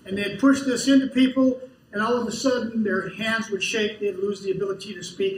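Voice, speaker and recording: A high-pitched man lecturing at a conference, telling folksy stories full of quoted back-and-forth. He is heard from across an echoey hall, with faint noise underneath. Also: recorded from a distance. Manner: folksy storytelling with quoted dialogue. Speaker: conference speaker. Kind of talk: lecture with audience questions.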